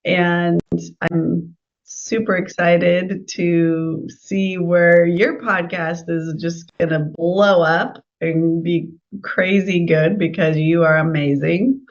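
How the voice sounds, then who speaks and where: A woman's voice: on the low side, fairly even intonation, slow pace. Chatty Californian woman, muffled sound. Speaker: art therapist guest. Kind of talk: interview answers, explanatory.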